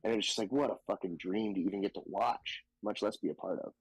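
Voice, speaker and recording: A man's voice: lowish voice, fast talker, slightly rough, no room sound, poor audio. Profane Southern man telling a comedy story. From Southern United States. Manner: animated, profane, jumps into quoted voices. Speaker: stand-up comedian guest. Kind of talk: casual podcast storytelling.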